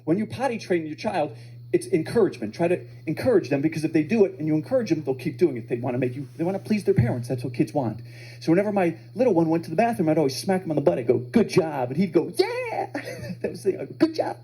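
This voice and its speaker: A male stand-up comic with a high, lively voice and a mellow tone. He tells stories animatedly and acts out his children's voices. The set is performed live at a comedy club. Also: rapid-fire, poor audio. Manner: animated storytelling, acting out kids' voices.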